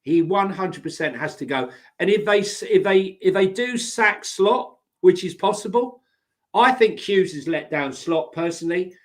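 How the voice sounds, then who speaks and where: Podcast co-host, male, high-pitched, pushy and insistent in casual debate. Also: animated, normal speed. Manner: emphatic, argumentative, repeats himself. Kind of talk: casual football discussion.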